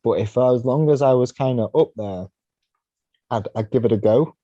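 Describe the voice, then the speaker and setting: A man spins a loose, rambling story as a podcast guest, forever tossing in "you know" and "right?". His voice is dark and mellow, and it sits close and dry on a slightly dull, lo-fi recording. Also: medium pitch, normal speed, no room sound. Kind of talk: casual storytelling.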